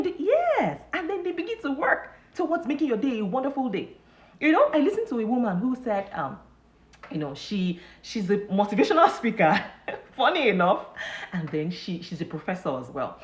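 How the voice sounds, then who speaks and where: A woman's voice: lowish voice, echoey room. A woman hosting a casual live motivational talk, chatty and loose, full of fillers, often laughing at her own stories. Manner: chatty, loose and repetitive, heavy "you know" fillers; breaks into laughter while telling stories.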